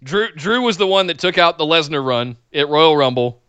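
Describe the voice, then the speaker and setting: A man's voice: on the high side, animated, normal speed, sharp tone, clean tone, dry recording, dull audio. A man co-hosting a casual wrestling talk show, exasperated and sarcastic as he vents. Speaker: podcast co-host. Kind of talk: casual wrestling commentary chat.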